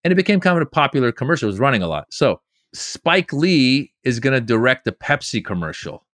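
A middle-aged man, a comedian, telling lively stories in an interview and slipping into quoted voices. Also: medium pitch, brisk, dry recording, studio quality. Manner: animated storyteller doing quoted voices. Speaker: comedian guest. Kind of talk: storytelling interview.

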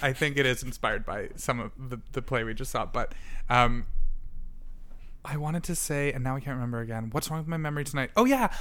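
A man co-hosting a casual podcast who teases his partner and laughs easily. His voice has a bright, forceful edge, and his banter is loose and profane. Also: medium pitch, lively intonation. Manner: teasing, quick to laugh, profane. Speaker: podcast co-host. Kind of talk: casual comedic podcast chat.

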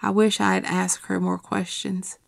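A middle-aged woman reading her personal essay aloud in a quiet, measured, steady way. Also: medium pitch, creaky, no room sound, clean studio sound.

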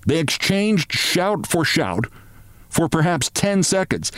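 A man's voice: fairly high pitch, no room sound. Man reading a story, dry close sound. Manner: expressive, measured storytelling. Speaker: podcast host. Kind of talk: reading a short story aloud.

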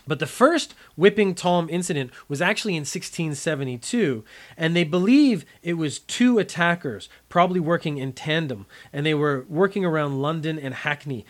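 A man's voice: on the high side, a bit bright. A man hosting a podcast, telling a history story in a casual, jokey and emphatic way. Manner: jokey, emphatic, playful asides. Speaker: podcast host.

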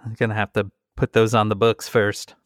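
A man's voice: fairly low pitch, level tone, normal speed, dry recording. Guy cohosting a chatty podcast from his basement, dry jokey banter, close dead sound. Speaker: podcast co-host. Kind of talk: casual chat. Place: home basement.

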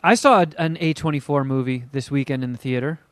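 A man's voice: medium pitch, fast talker, no room sound. A man in casual podcast chat, teasing with crude jokes and telling rambling stories.

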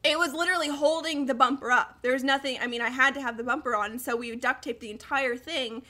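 A young woman in her twenties tells stories in a casual chat, lively and animated, laughing between lines. Her voice is bright and a little high. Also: quick pace. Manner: animated storytelling with laughter and acted quotes. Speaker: guest storyteller.

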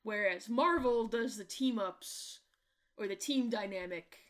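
Woman, podcast co-host, higher voice, casual movie chat, swears a lot, jokey. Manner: profane, lively, quick to joke.

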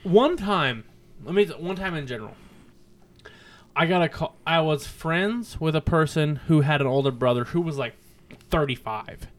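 Brash, foul-mouthed man, slightly high voice, animated podcast storyteller. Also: moderate pace. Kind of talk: casual storytelling chat.

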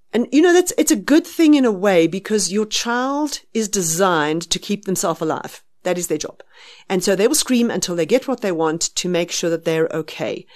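A woman with a South African accent explaining children's sleep firmly and practically, sometimes dropping to a hush. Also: fairly low pitch. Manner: explains firmly, acts out soothing a baby in a hushed voice. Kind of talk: advice on a podcast.

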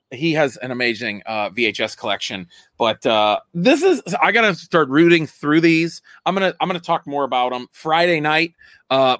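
A man's voice: fairly high pitch, fairly bright tone. A man hosting a casual daily video from home, rambling, correcting himself and laughing often. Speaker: comedian and vlog host.

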